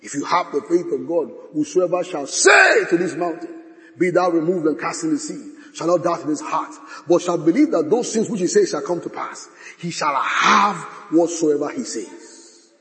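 A man preaching a sermon, swinging from bold declarations to hushed asides and reciting scripture. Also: a little high, expressive, normal speed. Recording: long hall reverb.

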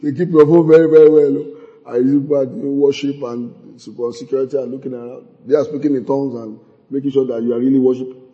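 A man's voice: mid-range voice, quick pace, highs cut off. A man preaching and teaching from the Bible, quoting scripture, with frequent laughter in his delivery. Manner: lively, laughing often, quotes scripture. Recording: long hall reverb.

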